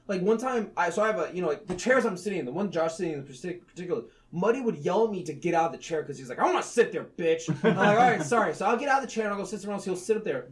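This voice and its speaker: Male podcast co-host, high and very lively, profane, animated storyteller. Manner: animated, profane storytelling with loud laughing outbursts. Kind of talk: casual chat.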